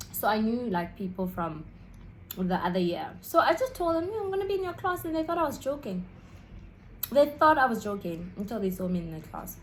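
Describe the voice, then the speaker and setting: A woman's voice: mid-range voice, slight background noise, low-quality recording. A South African woman in her twenties telling a story in a casual vlog, chatting in a rambling way while she eats snacks. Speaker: YouTuber.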